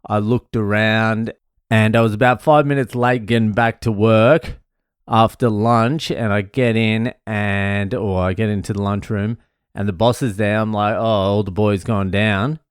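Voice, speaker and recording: A man's voice: fairly low pitch, steady tone, measured pace, clean tone, no room sound, clean studio sound. An Australian man, a comedian hosting his own podcast, telling stories in a loose, swearing, casual way. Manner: loose, swearing, laughing storyteller. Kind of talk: casual storytelling monologue.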